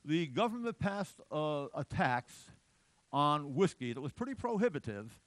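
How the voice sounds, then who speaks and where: Animated, high-ish male lecturer. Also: a little slow, dry recording. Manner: animated, digressive, frequent restarts. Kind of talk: unscripted lecture.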